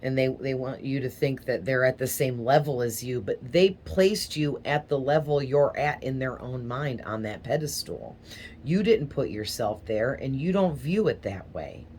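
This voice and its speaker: A woman's voice: very deep voice, expressive, normal speed, a little mellow, slight background noise. A woman giving a casual tarot reading, talking in a rambling, hesitant way with small stutters. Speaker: tarot reader.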